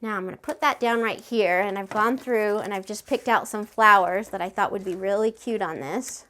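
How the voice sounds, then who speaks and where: A woman hosting a step-by-step craft tutorial, chatty and friendly, gushing with excitement over her project. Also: medium pitch, normal speed.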